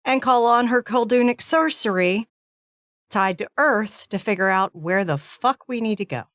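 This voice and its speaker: A woman's voice: on the high side, animated, normal speed, a bit bright, no echo, clean studio sound. A woman player in a tabletop role-playing game, talking casually with a giggly, playful manner.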